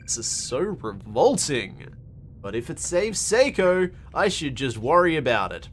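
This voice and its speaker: A man's voice: on the high side, sing-song, a little slow, a little hiss or hum, pitched below the performer's own voice. A man voicing a frightened teenage schoolgirl in a haunted school game, reading her dialogue melodramatically. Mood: queasy.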